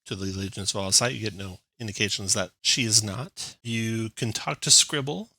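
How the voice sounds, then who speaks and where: A man's voice: lowish voice, moderate pace, gravelly, bright, forceful tone, husky, dry recording, rough recording. A man narrating a tabletop game as dungeon master, describing scenes with frequent fillers.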